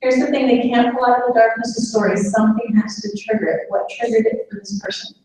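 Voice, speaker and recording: A woman's voice: on the high side, fairly even intonation, fast, darkish tone. A woman giving a live caregiver workshop, drawing the audience in with questions. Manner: engaging, asks the audience questions. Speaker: dementia caregiver workshop speaker. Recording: echoey room, mic far off, faint noise.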